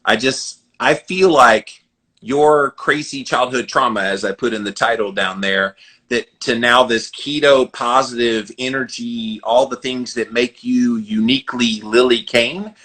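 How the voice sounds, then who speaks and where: A podcast host with a Southern American accent talks in an animated, earnest way. His voice has a bright, forward ring, and he sits at a middle pitch for a man. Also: unhurried. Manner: animated, earnest, advice-giving. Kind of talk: conversational interview.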